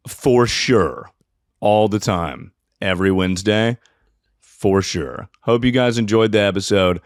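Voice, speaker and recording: Low-voiced man telling rambling funny stories. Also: expressive, takes it slowly, long pauses, no echo, clean studio sound. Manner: rambling, self-mocking, swears often. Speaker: podcast host. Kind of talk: casual comedic storytelling.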